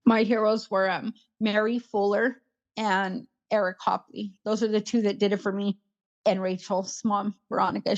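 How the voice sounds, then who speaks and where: Here an interview guest, a woman in her fifties, rambles through painful memories, jumping between them as she gives an emotional personal account. She has a medium-pitched voice, captured with lo-fi sound.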